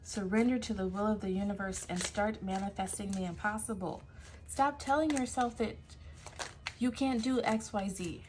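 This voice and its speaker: A woman's voice: medium pitch, moderate pace, a little hiss or hum. Emphatic woman giving a tarot reading. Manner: emphatic, laughs and sighs often. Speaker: tarot reader. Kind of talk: casual spiritual reading.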